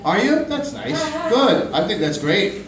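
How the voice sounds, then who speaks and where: A man in his thirties doing a stand-up comedy set in a small club, animated and quick to jump into high-pitched voices for his bits. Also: gravelly, a crowd in the background. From Pakistani family, grew up in Canada. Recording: roomy club from a distant mic.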